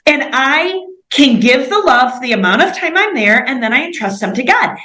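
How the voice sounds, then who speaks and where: A woman tells her missionary stories as an interview guest, animated and chatty, full of "like." Her voice sits on the higher side. The recording has a roomy echo. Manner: animated, fast-paced anecdotes with frequent "like". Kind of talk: storytelling in an interview.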